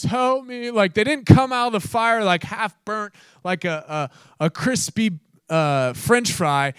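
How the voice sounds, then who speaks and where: A man's voice: high voice, fairly bright tone, clean tone, no echo, studio quality. A man preaching a sermon, earnest, with playful asides and laughing at his own jokes.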